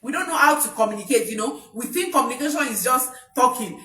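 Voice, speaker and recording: A woman's voice: a little high, animated, fairly quick, sharp tone, soft background music. Woman, parenting coach, emphatic, repetitive, live-streamed talk, echoey room, distant mic. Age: adult parent. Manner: emphatic, repeats key points.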